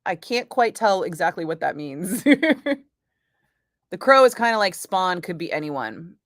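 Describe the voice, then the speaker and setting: A woman's voice: lowish voice, very animated, a little slow, fairly bright tone, no echo, clean studio sound. Laughing, profane woman radio host. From Northern California. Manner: laughing, profane, rambling asides. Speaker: radio host chatting with live chat. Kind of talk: casual live-stream chat. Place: radio studio.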